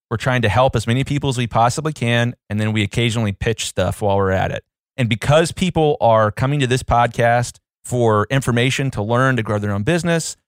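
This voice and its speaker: A man's voice: mid-range voice, no echo, clean studio sound. A man co-hosting a podcast in casual chat, playful and fond of slipping into silly voices. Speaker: podcast co-host.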